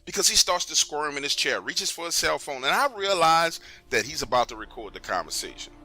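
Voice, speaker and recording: Bright-voiced man telling a true story. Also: fairly high pitch, a little fast, faint music behind. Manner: conversational, animated. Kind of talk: first-person true-story narration.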